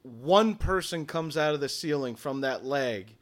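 A man's voice: fairly high pitch, animated, measured pace. A man acting as game master, narrating the scene of a tabletop game in a matter-of-fact, descriptive way.

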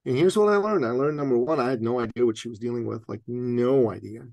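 Gravelly-voiced man telling a story. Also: medium pitch, fast talker, no room sound, dull audio. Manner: animated storyteller, laughs often, acts out quotes. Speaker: guest. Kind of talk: personal storytelling in conversation.

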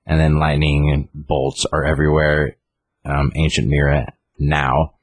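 A man's voice: very deep voice, little pitch movement, measured pace, no room sound. A man casually retelling a comic book story on a podcast, rambling with lots of fillers. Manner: rambling, lots of fillers, reads out character lines.

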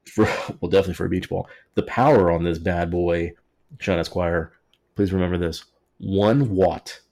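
A man's voice: low voice, fairly even intonation, moderate pace, dark tone. A man hosting a casual history podcast, telling it in a jokey, sarcastic way. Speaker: podcast host.

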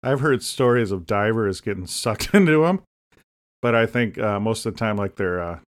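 Man podcast co-host, low-pitched, deadpan comic rambler. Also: moderate pace. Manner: deadpan joking, rambling asides. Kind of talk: casual comedic chat.

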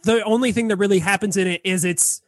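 A man's voice: high-pitched, steady tone, quick pace, no echo, studio quality. A man on a podcast, discussing a film in a casual, hesitant chat full of restarts. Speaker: podcast co-host.

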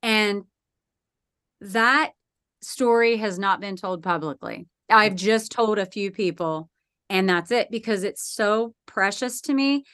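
A woman guest on a podcast, telling a personal story in a lively way and acting out the voices in it. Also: mid-range voice, slow pace, clean tone, dry recording, clean studio sound.

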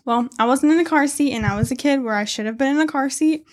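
Young woman podcast host, kinda high voice, laughs a lot telling stories. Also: fast, darkish tone. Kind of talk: casual chat.

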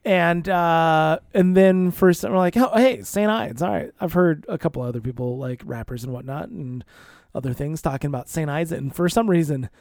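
A man's voice: on the high side, normal speed, a little mellow, no echo, clean studio sound. A man in his thirties telling a rambling, profane story in casual chat, often laughing as he talks. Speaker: podcast co-host.

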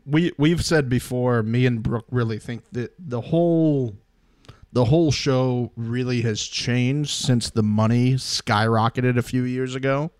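A man hosting a podcast, talking in a relaxed, conversational way. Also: medium pitch, unhurried, no echo, studio quality. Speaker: podcast host. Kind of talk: casual chat.

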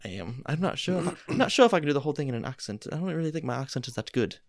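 A man calls out word prompts in a casual game and drops dry quips along the way. His pitch moves widely from word to word, and the recording is close and dry. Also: sing-song, racing, no room sound. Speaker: co-host. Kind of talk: casual chat, playing word games.

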